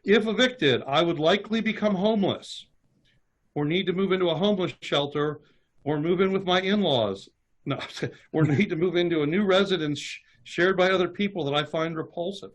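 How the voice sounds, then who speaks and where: A man's voice: high voice, moderate pace. Man talking through eviction rules. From Kentucky. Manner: reads legal text aloud with asides. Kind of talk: casual webinar talk.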